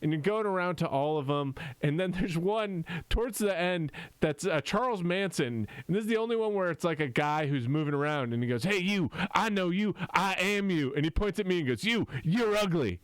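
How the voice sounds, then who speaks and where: Rambling man with a smooth voice. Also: on the high side, dry recording. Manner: halting, filler-heavy, animated in quotes. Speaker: comedy group member on a livestream. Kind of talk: rambling casual storytelling.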